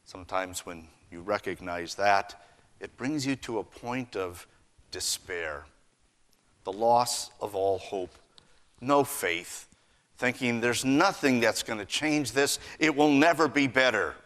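A man preaching a sermon, earnest, swinging between raised emphasis and hushed lines. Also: fairly low pitch, takes it slowly. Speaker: pastor.

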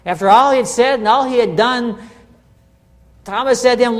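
A man's voice: very high-pitched, normal speed, pauses often, in a large hall. A middle-aged man preaching a conversational sermon as a pastor, often checking in with his listeners. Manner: conversational, asks listeners "right?". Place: church sanctuary.

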